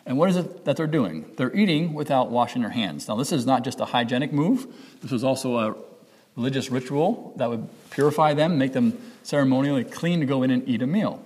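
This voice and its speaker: A man's voice: medium pitch, lively intonation, a little fast, a little mellow, husky, in a large hall. A man preaching a sermon as pastor, talking in a conversational way, correcting himself and acting out the voices in people's heads. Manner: conversational, self-correcting, acts out quoted inner voices.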